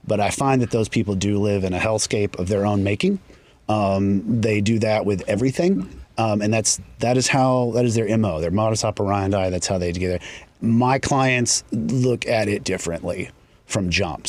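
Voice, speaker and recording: A man, a realtor and guest, talking casually on a podcast and telling reflective stories that trail off into softer asides. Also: fairly low pitch. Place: studio.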